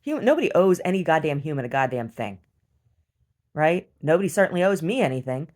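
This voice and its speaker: Blunt, profane woman with a low voice, venting in a home video diary. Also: sing-song, brisk, darkish tone. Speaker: video diarist. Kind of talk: casual video diary rant. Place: rural property at home.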